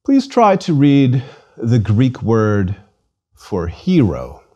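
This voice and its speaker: A man teaching a scripted lesson at an unhurried pace, spelling words letter by letter and pausing for listeners to repeat. His voice is mellow and rises and falls in a lively way. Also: medium pitch, slightly rough, highs cut off. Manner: slow, patient, enunciates each letter and syllable. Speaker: language instructor.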